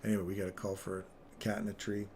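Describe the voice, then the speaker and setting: Low-voiced man telling a casual story. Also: level tone, racing, a little mellow, slight background noise. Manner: rambling, laughs between phrases. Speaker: trading live-streamer. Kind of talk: casual storytelling on a live stream.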